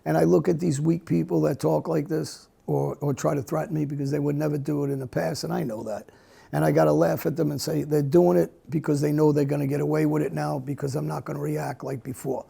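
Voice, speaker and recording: As an interview guest in a frank, conversational exchange, a middle-aged man speaks bluntly and hesitantly, often stopping and starting again. He has a very gravelly, husky, dark voice with little pitch movement.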